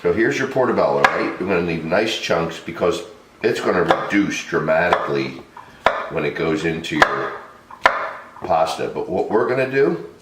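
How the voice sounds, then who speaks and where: This home cooking vlog host has a low, animated voice and a moderate pace, casually demonstrating prep in his kitchen. He's chatty with the camera and laughs a lot, while the audio is reverberant and full of heavy background noise.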